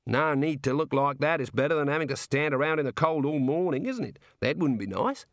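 A man voicing a cheerful, chatty prison warder, talking in a folksy, drawn-out way. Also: on the high side, animated, dry recording, clean studio sound, voice pushed up. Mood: confiding. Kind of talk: audiobook character voice.

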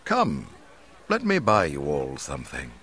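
A man reading a calm old mentor. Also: rumbling low, pitched below the performer's own voice, exaggerated voice. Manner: calm, measured. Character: calm old male hermit mentor, wise and steady.

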